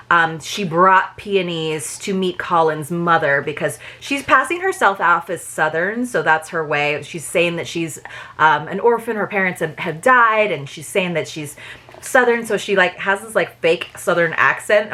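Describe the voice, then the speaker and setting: A young woman with a slightly low-pitched voice chats through a book box unboxing, gushing softly over cute items. Her talk is relaxed and full of small asides and laughs. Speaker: book subscription box reviewer. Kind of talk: casual unboxing chat with read-aloud passages.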